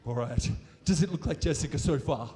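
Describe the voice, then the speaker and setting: A man's voice: a little high, a little fast, heavy background noise. An Australian man presenting a live science demonstration on stage, playful and jokey with a volunteer and the crowd. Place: stage in a large hall with an audience. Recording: reverberant hall.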